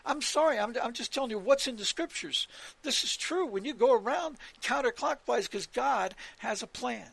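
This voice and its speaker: A man preaching with a high, gravelly voice and a dry, close sound. He talks emphatically, presses his points again and again, and rattles off scripture verses. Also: animated, normal speed, fairly bright tone, no room sound. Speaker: religious radio teacher.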